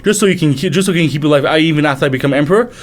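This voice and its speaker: A man's voice: on the high side, very fast, close to an everyday voice. A man voicing an arrogant, haughty male first prince with a sneering, contemptuous manner.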